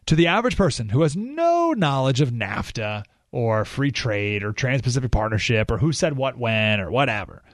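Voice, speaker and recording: A man's voice: mid-range voice, no echo. A man hosting a radio talk show, giving an emphatic, opinionated monologue full of rhetorical questions, recorded in a studio.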